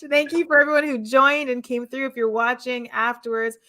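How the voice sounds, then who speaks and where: A woman's voice: high voice, normal speed, bright, forceful tone. Upbeat woman hosting an interview. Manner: encouraging, frequent backchannel affirmations. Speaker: host. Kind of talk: conversational interview.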